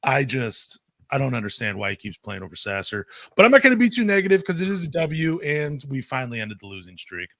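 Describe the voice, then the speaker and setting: An excitable man co-hosting a casual sports podcast, his voice rising and falling as he talks. His pitch sits in the middle range. The sound is dry and close, with little room around it. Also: brisk, vocal fry, no echo. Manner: excitable, animated, swings loud and soft. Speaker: podcast co-host.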